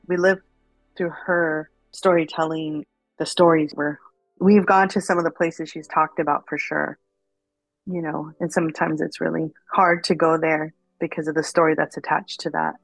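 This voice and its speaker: Woman storyteller, casual and animated, with faint background music. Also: sits low, no room sound, low-quality recording. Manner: animated, chatty, many fillers.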